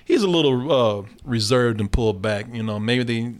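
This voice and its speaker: A man's voice: mid-range voice, expressive, moderate pace. A man hosting a casual movie reaction chat, talking animatedly with frequent laughter and swearing.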